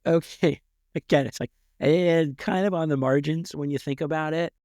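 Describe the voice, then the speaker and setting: A man's voice: on the high side, fairly even intonation, normal speed, darkish tone, no echo, studio quality. A middle-aged man co-hosting a podcast, reflecting aloud with rhetorical questions in casual chat. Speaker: podcast co-host.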